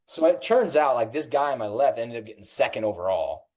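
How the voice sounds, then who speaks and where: A middle-aged man tells his story as a podcast guest, lively and animated, often jumping up in pitch to act out what others said. His voice sits in an ordinary mid range. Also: a little fast. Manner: animated, acts out quoted voices with big pitch jumps. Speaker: podcast guest, fitness coach. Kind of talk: casual storytelling interview.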